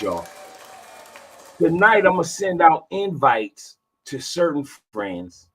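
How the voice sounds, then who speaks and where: A man's voice: a little high, very animated, takes it slowly, a bit bright, slight background noise. A man of fifty hosting a live podcast in a laid-back, drawling style. He repeats phrases and calls his listeners y'all. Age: 50s. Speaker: podcast host. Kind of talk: casual live podcast chat.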